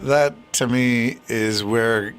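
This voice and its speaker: A man's voice: medium pitch, steady tone, very slow, smooth. A man co-hosting a podcast, tossing out quips and playful banter in a casual chat. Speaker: podcast co-host.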